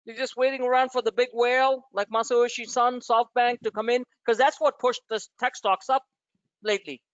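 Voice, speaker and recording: A man's voice: very high voice, fairly even intonation, moderate pace, a bit bright, clean tone, dry recording, highs cut off. A man hosting a trading webinar, blunt and emphatic, firing off rhetorical questions at his listeners.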